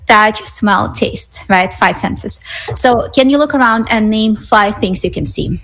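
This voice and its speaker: A woman's voice: medium pitch, measured pace, fairly bright tone, poor audio. A woman guest expert on a radio talk show, explaining things patiently with many "um"s and "right?"s. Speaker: psychologist guest.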